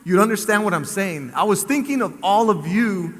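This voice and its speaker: Superintendent, high bright voice, lively storyteller, big echoing hall. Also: male voice, normal speed. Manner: animated storyteller, rising to cheering shouts. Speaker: school district superintendent. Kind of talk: motivational speech to staff assembly. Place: large assembly hall. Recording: echoey hall with long reverb.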